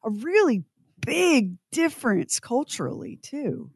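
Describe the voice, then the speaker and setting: A woman's voice: high-pitched, very animated, a little slow, vocal fry, breathy edge, dry recording. Woman co-host, musing, conversational, dry close mic. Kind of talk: casual interview chat.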